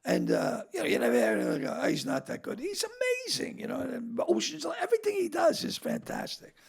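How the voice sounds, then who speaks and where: A man's voice: extremely high pitch, sing-song, brisk, creaky. A man with a Boston accent, a comedian guest telling brash, profane stories in a casual podcast chat. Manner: brash, profane storyteller who acts out quotes.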